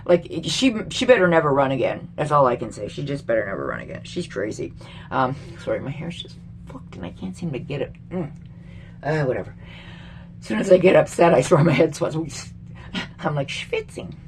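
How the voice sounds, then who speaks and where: A woman's voice: low-pitched, sing-song, moderate pace, a little hiss or hum. A middle-aged woman from Canada, a vlogger, ranting angrily about politics to camera with lots of swearing and exasperation. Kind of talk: angry political rant to camera.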